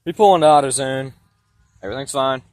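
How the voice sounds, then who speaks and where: A man's voice: medium pitch, fast talker, darkish tone, no room sound. A young man tells a long, meandering story about his truck, swearing freely and speaking bluntly. His voice sounds stuffy from sinus trouble. He is recording himself outdoors beside parked trucks with a phone camera. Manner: rambling, profane, blunt. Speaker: vlogger giving a vehicle tour. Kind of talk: casual storytelling.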